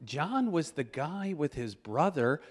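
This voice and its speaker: A man preaching a storytelling sermon, animated and chuckling, who breaks into loud exclamations when he acts out moments. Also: a little high, slow pace. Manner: animated, shouts out quoted exclamations; chuckles while telling stories.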